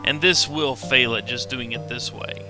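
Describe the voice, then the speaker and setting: A man's voice: medium pitch, normal speed. Easygoing man giving game commentary. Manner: relaxed, explains step by step. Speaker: let's play host. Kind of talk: casual gameplay commentary. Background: game music.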